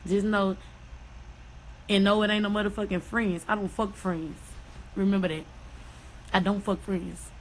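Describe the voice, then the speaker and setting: A woman's voice: medium pitch, steady tone, a little hiss or hum, low-quality recording. A woman angrily ranting on social media, swearing and repeating herself. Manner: angry, profane, fast.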